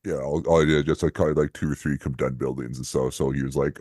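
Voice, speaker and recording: Very deep-voiced man, laughing, rambling. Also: fast, hardly any pauses, dry recording, studio quality. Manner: rambling, laughs often, jumps high when excited. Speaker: podcast co-host. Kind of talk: casual podcast chat.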